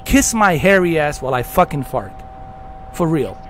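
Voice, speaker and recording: Fired-up man ranting, high animated voice. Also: normal speed, slight background noise. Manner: heated, swearing constantly, emphatic repetition. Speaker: gaming channel host. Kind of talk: profane rant to camera.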